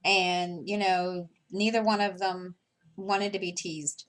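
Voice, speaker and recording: A woman's voice: on the low side, little pitch movement, slow pace, fairly bright tone. A woman chatting casually while she works on a craft project, rambling with many fillers and restarts and chuckling between thoughts. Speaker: crafting vlogger.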